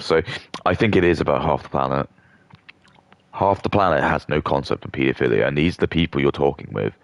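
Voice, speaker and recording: A man's voice: rumbling low, vocal fry, dry recording. A young man rambling through a contemptuous rant as a streamer. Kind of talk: ranting casual monologue.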